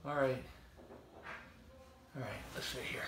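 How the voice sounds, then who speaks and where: A man's voice: mid-range voice, a little slow, fairly bright tone, slight background noise. A man hosting a casual live chat, playful and teasing, with theatrical mock complaints. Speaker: tiny home builder and show host. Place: large warehouse. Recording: echoey warehouse, far from mic.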